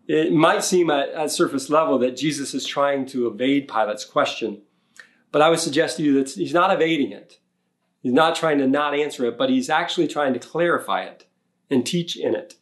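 A man's voice: on the high side, moderate pace. A man preaching a sermon as pastor, telling the story in a conversational way and voicing the people he quotes. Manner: conversational, paraphrasing with animated quotes.

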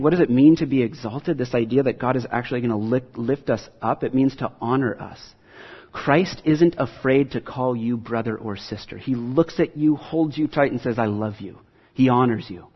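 Husky man preaching a casual sermon. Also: medium pitch, muffled recording. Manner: earnest, conversational preaching with self-deprecating asides. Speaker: pastor.

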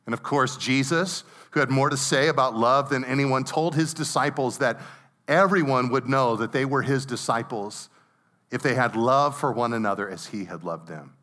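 A man's voice: mid-range voice, moderate pace, sharp tone. A middle-aged man, a pastor, preaching a sermon in a conversational way, reading scripture and telling stories.

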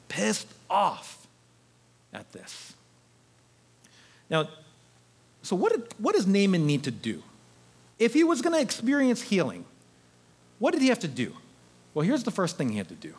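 A male pastor preaches a sermon with a high, lively voice that swings widely in pitch. He tells the story in a conversational, animated manner. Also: slightly rough.

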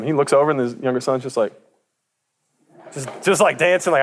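A man preaching a sermon, retelling a parable in casual, lively storytelling with slang, frequent stammered restarts, and acted-out voices for the characters. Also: mid-range voice, a little fast, pauses often, slight background noise.

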